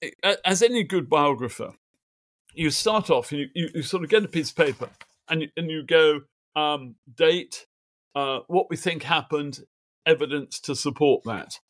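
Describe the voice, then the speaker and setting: A man's voice: fairly high pitch, normal speed, no echo. A middle-aged man, a guest biographer, telling stories in a remote interview from his home office desk, with lots of fillers and acted-out quotes. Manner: animated anecdotes with acted quotes, many fillers. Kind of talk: conversational interview storytelling.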